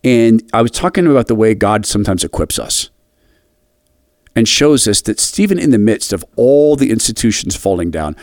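A middle-aged man hosting a radio commentary, telling a personal story in an earnest, halting way with frequent restarts. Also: big pitch swings, a little mellow, dry recording, clean studio sound. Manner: earnest, halting, with restarts and a wide pitch swing.

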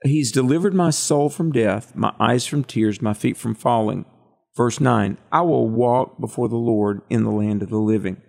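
A man's voice: mid-range voice, normal speed, gravelly, a little mellow. A man co-hosting a Bible study discussion, reading scripture and drawing out its meaning in a preacherly way. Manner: preacherly, asks questions of co-host. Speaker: Bible teacher co-host.

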